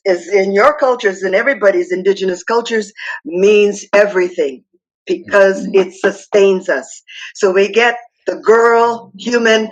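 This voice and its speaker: A woman from Hawaii telling a traditional myth slowly and dramatically as a guest speaker. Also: mid-range voice, dull audio. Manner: slow, dramatic storytelling that acts out the characters.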